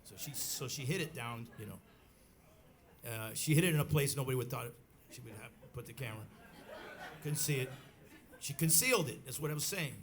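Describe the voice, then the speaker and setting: A middle-aged bandleader telling a rambling story on stage at a live club, with many restarts and acted quotes. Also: male voice, mid-range voice, lively intonation, brisk, long pauses, a bit bright. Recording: live club recording with faint crowd noise.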